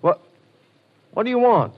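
A man's voice: extremely high pitch, very animated, unhurried, exaggerated voice. An actor playing a guarded male bank president in a 1940s radio drama, curt and evasive. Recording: dull old radio recording.

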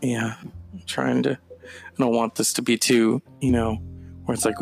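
A man hosting a casual solo podcast, talking in an animated, digressive way with mock-dramatic outbursts. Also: mid-range voice, measured pace, gravelly, long pauses, soft background music. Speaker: podcast host.

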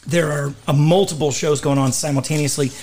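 A raspy-voiced man, a voice actor and guest in a studio interview, telling candid stories and laughing often. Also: fairly high pitch, steady tone, a little fast, a little mellow, slight background noise. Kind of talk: casual storytelling in interview.

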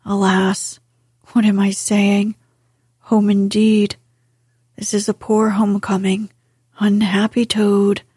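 A woman's voice: mid-range voice, completely flat delivery, slow pace, pauses often, warm tone, slightly rough, no echo, studio quality. A woman voicing a solemn, gloomy old male badger in a storybook, in whispered role-play. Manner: solemn and mournful.

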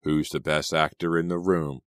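A man voicing a show-off teenage prankster with a deep, teasing delivery. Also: little pitch movement, normal speed, a bit bright, no echo, studio quality. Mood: mocking.

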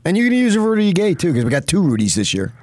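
A man's voice: high voice, wildly swooping pitch, fast talker, darkish tone, no room sound, clean studio sound. A man co-hosting a sports radio show, bantering playfully and chanting silly lines in a sing-song way. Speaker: radio co-host. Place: radio studio.

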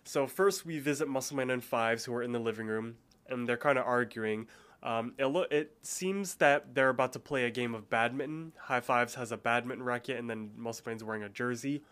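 Podcast co-host: easygoing man, casual recap, medium pitch, laughs often. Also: fairly quick, a bit bright, smooth. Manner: chatty, laughs easily, lots of fillers.

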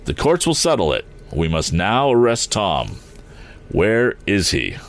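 A man's voice: on the low side, huge pitch swings, unhurried, exaggerated voice. A man voicing a grim middle-aged police chief in a read-aloud story, stammering at first and then firm and testy. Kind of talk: audiobook character voice.

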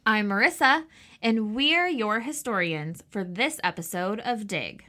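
A woman's voice: medium pitch, lively intonation, a little slow, pushed and bright, faint music behind. A woman co-hosting a history podcast, narrating a story from a script with chatty asides. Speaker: podcast co-host.

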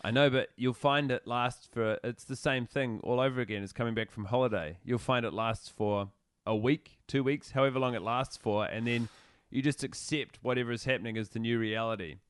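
A man talking in casual podcast chat, his voice smooth and clear. He riffs wryly with some swearing. The sound is dry and close to the mic. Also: medium pitch, a little fast, no room sound. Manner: profane, wry, riffing.

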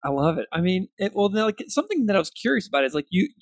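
A man's voice: sits high, big pitch swings, rapid-fire, creaky, no echo. A man hosting a podcast, asking questions casually, with lots of "like" and "kinda", and encouraging his guest. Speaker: podcast host. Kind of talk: podcast interview.

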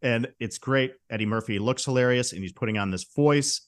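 Male podcast host retelling a movie plot, relaxed and amused, average pitch. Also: fairly quick. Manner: chatty, amused retelling with brief quoted impressions. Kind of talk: casual film recap.

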